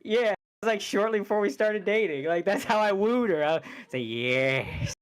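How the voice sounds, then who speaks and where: A man's voice: high-pitched, fairly quick. Rambling, laughing podcast man. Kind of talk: casual podcast chat.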